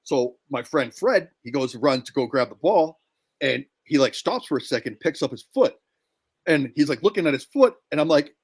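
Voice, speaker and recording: A man's voice: a little high, lively intonation, normal speed, breathy edge. Profane young man telling a party story. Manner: profane, rambling anecdote telling. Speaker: podcast co-host. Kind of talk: casual storytelling chat.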